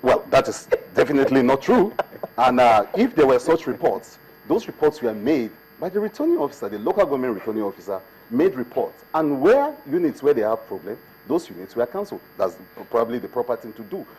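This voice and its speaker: A man's voice: medium pitch, big pitch swings, fairly quick, a little mellow, husky, poor audio. A man, a state government commissioner, answering questions as a guest in a TV studio interview, building his case with emphatic repetitions.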